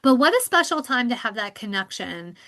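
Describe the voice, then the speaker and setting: A woman psychologist guest on a podcast, explaining therapy and coping skills in a lively, talkative way, laughing often. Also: a little high, brisk. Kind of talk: podcast interview.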